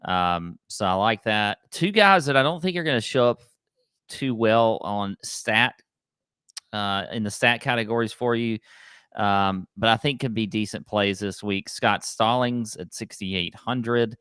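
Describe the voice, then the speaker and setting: A man's voice: on the low side, fairly bright tone, smooth, dry recording, clean studio sound. A man co-hosting a golf betting podcast, chatting casually and rattling off stats in an upbeat way. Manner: quick, stat-heavy, upbeat. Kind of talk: casual chat.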